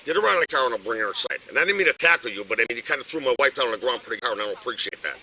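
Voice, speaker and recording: A man's voice: medium pitch, lively intonation, rapid-fire, pushed and bright, a little hiss or hum, poor audio. An older man arguing insistently with police outdoors, caught on a body camera. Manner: agitated, insistent, swearing. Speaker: detained resident. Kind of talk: heated argument with police. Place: outdoors on a street.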